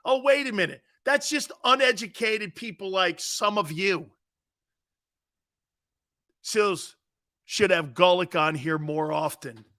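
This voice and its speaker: A middle-aged man hosting a sports talk show, brash and jokey, loud and given to repeating himself. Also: high-pitched.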